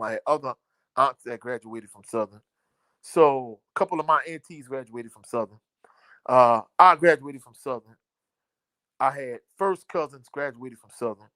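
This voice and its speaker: A man's voice: mid-range voice, fairly bright tone, dry recording. A middle-aged man from Louisiana hosting a casual sports live stream, reading viewer comments aloud and repeating phrases for emphasis.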